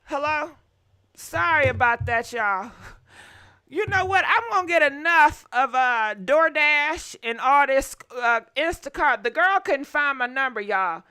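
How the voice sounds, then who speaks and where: A woman's voice: high voice, lively intonation, a little slow, bright, forceful tone. A woman hosting a gossip live stream, chatting casually with viewers and cursing now and then. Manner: chatty, swears, talks straight to viewers. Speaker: gossip channel host.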